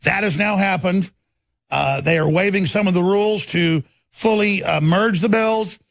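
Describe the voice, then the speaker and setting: A man in his forties hosting a talk radio show, delivering a heated, rambling monologue with a husky voice and repeated words. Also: high-pitched, normal speed, a bit bright, no room sound. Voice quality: gravelly, husky voice.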